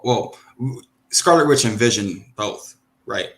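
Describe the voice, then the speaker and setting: A man hosting a podcast, chatting casually and giving animated opinions. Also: mid-range voice, slow. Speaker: podcast host. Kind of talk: casual chat.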